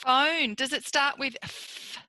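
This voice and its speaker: A woman speech therapist working with a client, encouraging and praising with slow, exaggerated enunciation. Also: medium pitch, expressive, pushed and bright, dry recording.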